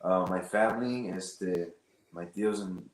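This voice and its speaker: A male musician guest giving casual shout-outs in an earnest, excited tone, mixing in Spanish fillers. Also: low voice, unhurried, reverberant, rough recording.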